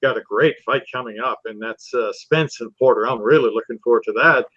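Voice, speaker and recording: A man hosting a relaxed boxing recap show, talking in an easygoing way with lots of fillers. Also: mid-range voice, brisk, dry recording. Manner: easygoing, filler-heavy, agreeable. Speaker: podcast host. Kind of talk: casual boxing recap chat. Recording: dull dry lo-fi sound.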